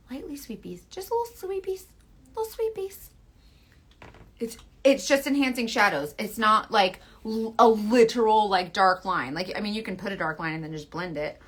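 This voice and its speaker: Walking viewers through a makeup tutorial, this woman in her thirties, a makeup seller, sounds chatty, playful and coaxing, frequently slipping into a soft near-whisper. Her voice sits at medium pitch with a breathy edge.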